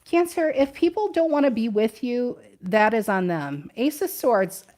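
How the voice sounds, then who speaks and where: A woman's voice: fairly high pitch, expressive, unhurried, a little mellow. A woman doing a casual tarot reading, chatty and thinking aloud, often repeating her questions to the cards. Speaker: tarot reader.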